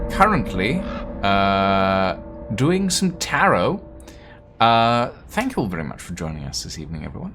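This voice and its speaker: A male streamer hosting a live game playthrough, with a low voice that swoops widely. He reads text aloud theatrically and takes his time over the words. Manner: theatrical, animated reading voice.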